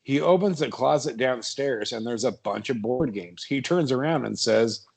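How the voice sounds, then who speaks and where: A man's voice: medium pitch, animated, moderate pace, gravelly, darkish tone, husky. A man narrating a comedy horror podcast script, often laughing and stumbling over his lines.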